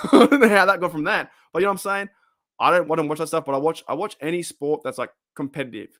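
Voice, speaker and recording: His voice is a little high and a bit bright, recorded dry with clean studio sound. He's an Australian livestream host in his 30s, casually rambling and cursing while answering chat as his voice wears thin.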